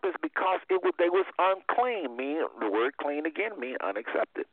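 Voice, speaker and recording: A man's voice: high voice, expressive, fairly quick, hardly any pauses, dry recording. A man hosting a call-in Bible study, who teaches emphatically and repeats his key phrases. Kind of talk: preaching Bible teaching over a phone line. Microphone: phone line. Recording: tinny dry phone line.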